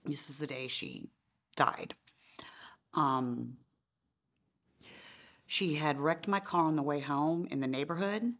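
A middle-aged woman telling the story of her daughter's death in a documentary interview, halting with many fillers. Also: low-pitched, a bit bright. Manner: halting, many fillers, voice rising and breaking in grief. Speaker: bereaved mother interviewee.

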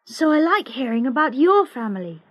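A woman doing a quiet, serious schoolboy. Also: high voice, big pitch swings, moderate pace, no room sound, lo-fi sound. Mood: calm.

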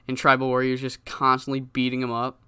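A man's voice: medium pitch, monotone, brisk, pushed and bright, clean tone, no room sound. A man giving casual, rambling commentary on a wrestling game, swearing often. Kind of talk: casual let's-play commentary.

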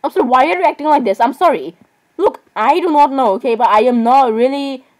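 A teenage girl reacting to videos in a casual vlog, excitable and exclamatory, jumping between loud outbursts and mumbled asides. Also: high-pitched, brisk. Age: teens. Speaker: reaction vlogger.

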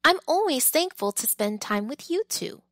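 A woman's voice: high voice, big pitch swings, moderate pace, fairly bright tone, no room sound, pitched above the performer's own voice, heavily acted. A woman voicing a kind, cheerful middle-aged food cart man in a storybook reading, friendly and generous.

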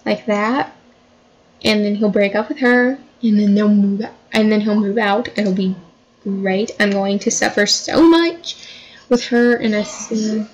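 A woman's voice: mid-range voice, steady tone, unhurried, low-quality recording. A woman giving casual, chatty commentary while playing a life-sim game, dramatizing her characters' fights. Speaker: gameplay commentator.

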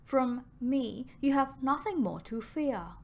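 A woman reading the part of a lovesick nobleman in an audiobook, speaking softly in a hushed farewell. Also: high-pitched, expressive, slow, exaggerated voice. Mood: tender. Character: lovesick nobleman, grave and tender.

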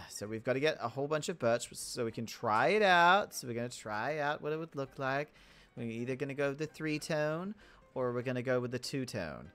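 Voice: mid-range voice, lively intonation, a little fast, a bit bright. A video game creator giving casual, rambling commentary full of jokes and self-interruptions while building. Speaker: Minecraft let's play creator.

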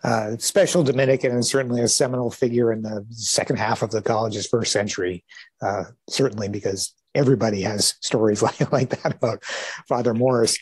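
A man's voice: mid-range voice, darkish tone, husky, no room sound. A man hosting an interview, asking friendly questions and introducing stories. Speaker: interview host.

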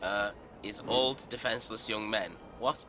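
A young man giving casual, excitable let's play commentary, swearing and giggling often. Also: lowish voice, measured pace, dull audio, a little hiss or hum. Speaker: gaming YouTuber. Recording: game music under voice.

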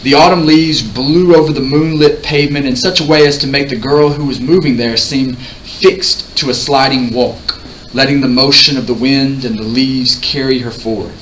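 A man reading a novel aloud in a measured, expressive way. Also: mid-range voice. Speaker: audiobook reader. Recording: roomy, distant mic, faint hiss.

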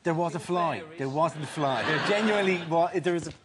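A man hosting a comedy panel show, bantering and self-mocking with halting fillers before a live audience. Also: on the high side, a crowd in the background. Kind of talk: joking banter in outtakes. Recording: loud studio audience laughter.

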